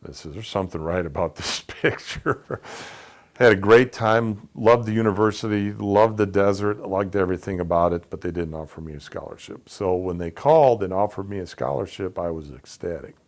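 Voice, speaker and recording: A man's voice: low-pitched, normal speed. A man telling a personal story in a casual, conversational way, acting out the voices of people in it. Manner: conversational, acts out quoted dialogue. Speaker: speaker telling his life story.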